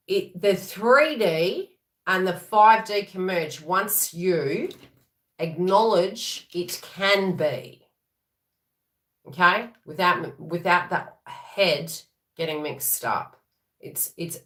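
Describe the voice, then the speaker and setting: A woman giving a casual spiritual reading, animated and chatty, often acting out quoted thoughts in little voices. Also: fairly low pitch. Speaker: tarot reader. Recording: echoey room.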